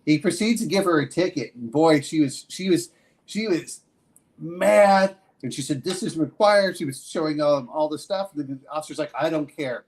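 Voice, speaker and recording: A man co-hosting a casual stream tells a story in a relaxed, stop-start way. His voice is a touch high, and he laughs easily as he talks. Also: a little fast.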